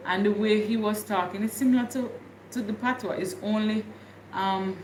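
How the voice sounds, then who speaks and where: A woman's voice: mid-range voice, fairly even intonation, normal speed, darkish tone, reverberant, a little hiss or hum. A woman from Jamaica with a Jamaican accent, chatting casually with viewers on her livestream and laughing often. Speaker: livestream host.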